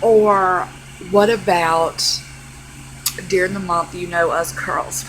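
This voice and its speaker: A woman's voice: lowish voice, slow, slight background noise, rough recording. A young adult woman vlogger giving a sassy, exasperated comedic rant straight to camera. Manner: sassy, exasperated, animated delivery.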